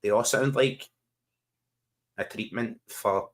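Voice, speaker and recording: A man's voice: fairly low pitch, takes it slowly. A Scottish man co-hosting a casual live football watch-along, joking in broad slang and laughing often. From Scotland. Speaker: co-host.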